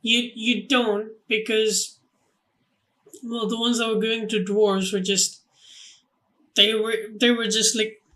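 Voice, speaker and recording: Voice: medium pitch, level tone, takes it slowly, long pauses, bright, forceful tone. Hesitant podcast co-host explaining lore. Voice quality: hesitant, filler-heavy explaining. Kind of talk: casual film-discussion chat.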